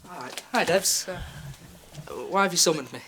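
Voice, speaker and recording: An actor playing a flustered, stammering history teacher in a student comedy drama. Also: male voice, sits high, moderate pace, fairly bright tone.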